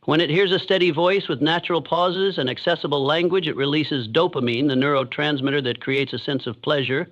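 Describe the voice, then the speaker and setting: A man giving scripted motivational narration with a measured, deliberate delivery and emphatic pauses. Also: on the high side, fairly even intonation, a bit bright, highs cut off.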